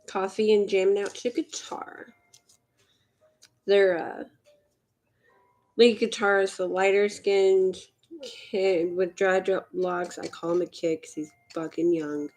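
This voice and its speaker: A woman's voice: mid-range voice, level tone, takes it slowly, long pauses, a little mellow. A woman from Mississippi with a Southern accent, chatting casually and rambling while she beads on a livestream. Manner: rambling, offhand, swears casually. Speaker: livestream host. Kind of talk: casual chat while beading.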